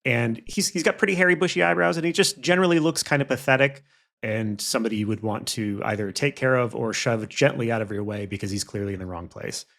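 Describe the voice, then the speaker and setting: A man, a tabletop game player, describing a character in a wry, deadpan way. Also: medium pitch, fast talker, creaky.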